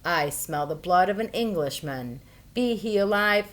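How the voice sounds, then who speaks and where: A woman voicing a huge, hungry male giant in a storybook read-aloud, slow and booming. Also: lively intonation. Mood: menacing.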